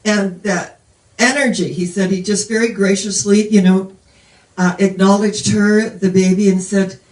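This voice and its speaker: A woman's voice: mid-range voice, steady tone, unhurried, darkish tone. Older woman preacher, distant roomy sound. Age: 70s. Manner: meandering storytelling. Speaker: minister. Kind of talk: sermon.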